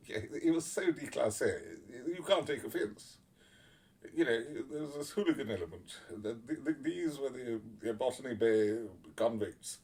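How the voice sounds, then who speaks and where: A man giving casual spoken commentary, blunt and sardonic, swearing freely and pausing often on fillers. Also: medium pitch, darkish tone. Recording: voice a little far from the mic.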